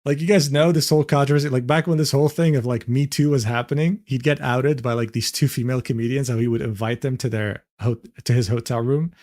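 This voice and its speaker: A man's voice: medium pitch, steady tone, fast, few pauses, a little mellow. A young man reacting to a clip on stream, incredulous and swearing, breaking into laughter often. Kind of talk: casual reaction commentary.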